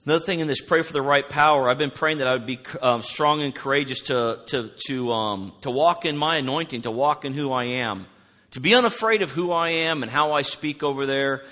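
Loud, bright-voiced preacher. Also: male voice, medium pitch, fairly quick. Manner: loud, animated storytelling. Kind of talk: sermon. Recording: long hall reverb.

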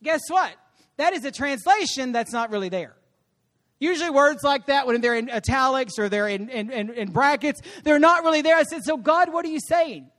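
A woman guest preacher delivering an animated sermon, calling for responses from the congregation. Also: high voice, moderate pace. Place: church service.

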